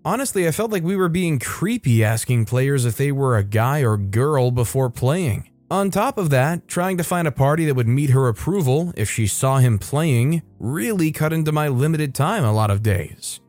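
A man reading online forum posts aloud in a steady, even narration with brief comments of his own. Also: mid-range voice, moderate pace, few pauses, faint music behind. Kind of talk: scripted story narration.

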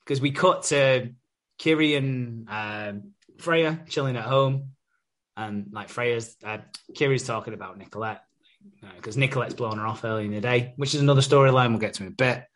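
A man's voice: mid-range voice, normal speed, a bit bright. A man casually recapping a TV episode as a podcast host, chatty and sweary, laughing as he goes.

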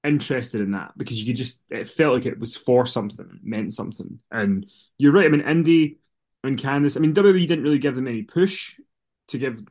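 A man's voice: medium pitch, brisk, darkish tone. A man co-hosting a wrestling podcast in casual chat, rambling, with frequent restarts. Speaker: podcast co-host.

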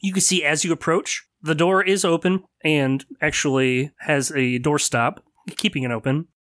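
A man's voice: on the high side, fairly even intonation, normal speed, a bit bright, dry recording, clean studio sound. A man narrating a tabletop game as game master, laid-back with frequent fillers.

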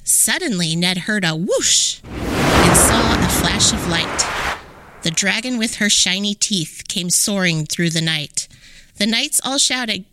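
A woman hosting a podcast, reading a rhyming children's story aloud in an expressive, sing-song way. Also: mid-range voice, takes it slowly, noisy background. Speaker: podcast host.

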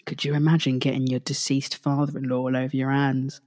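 A young woman with a low voice hosts a casual solo podcast. She talks in a loose, chatty way, doubling back over her words and swearing freely as she goes. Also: little pitch movement, fairly quick, a little mellow. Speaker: podcast host.

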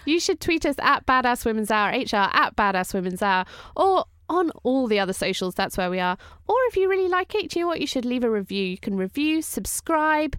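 A woman co-hosting a podcast, telling a family story in a lively, animated way. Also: a little high, brisk, few pauses, clean tone, no room sound, studio quality. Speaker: podcast co-host. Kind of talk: casual chat, storytelling.

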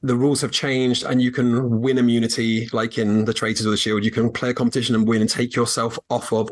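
A man from England, guest co-host on a podcast, who laughs often and explains at length with fillers. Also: fairly low pitch. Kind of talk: casual podcast chat.

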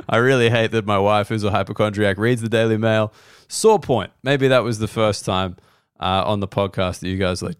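Wry Australian comedian rambling solo. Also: male voice, lowish voice, moderate pace, smooth, dry recording, studio quality. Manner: rambling, wry, self-deprecating. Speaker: comedian and podcast host. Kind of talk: solo comedy podcast monologue.

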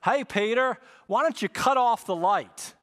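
A man doing an impression of his easygoing male college roommate from the South, casual and slangy, in a voice pitched well above his own. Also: lively intonation, brisk, bright, forceful tone. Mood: friendly.

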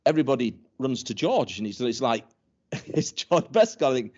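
The guest is an older man who once played professional football, telling rambling stories in a casual interview while chuckling, restarting and repeating himself. His medium-pitched voice is husky and darkish with a sing-song lilt, at a normal speed. Sound quality is dull lo-fi.

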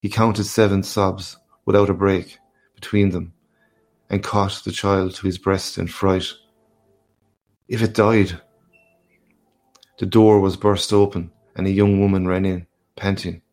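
A man narrating a classic short story aloud in a measured, unhurried way. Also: low-pitched, level tone, a little mellow.

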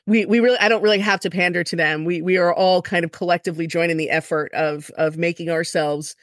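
A woman's voice: lowish voice, steady tone, quick pace, dry recording, studio quality. A woman hosting a podcast, chatting casually with a wry, playful manner. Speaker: podcast host. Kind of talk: casual interview chat.

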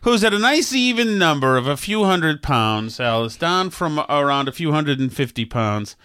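A man's voice: a little high, animated, normal speed, sharp tone, clean tone, no room sound, studio quality. A man co-hosting a podcast in casual banter, sarcastic and rambling, with stammered restarts. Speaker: podcast co-host.

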